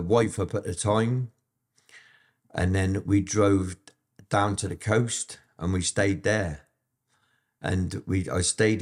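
Deep-voiced blunt man. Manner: blunt, heavy swearing, frequent restarts. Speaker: interview guest. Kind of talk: candid storytelling interview.

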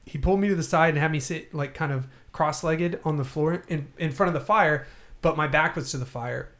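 A man's voice: fairly high pitch, a little fast, a bit bright. A man telling a long personal story in casual podcast chat, rambling and laughing often.

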